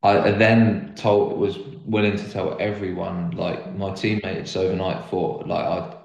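A man's voice: low-pitched, little pitch movement, a little slow, creaky, a little mellow. A young man telling the story of his faith as an interview guest, earnest and rambling, with lots of "like" fillers. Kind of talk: casual conversational testimony. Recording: roomy echo.

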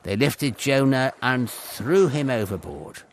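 A man narrating a Bible story in a dramatic, expressive storytelling manner. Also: medium pitch, slow, noisy background.

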